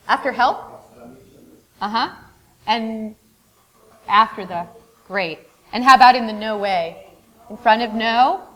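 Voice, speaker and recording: A woman's voice: a little high, fairly bright tone. A woman teaching a workshop in a classroom, encouraging and often praising answers, sometimes reeling off long word lists. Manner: lists words rapidly. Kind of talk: interactive classroom lesson. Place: classroom with a board.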